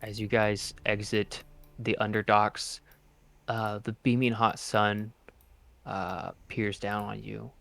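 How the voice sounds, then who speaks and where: A man as game master, narrating a tabletop adventure in a relaxed, halting way with frequent pauses. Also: fairly low pitch, creaky.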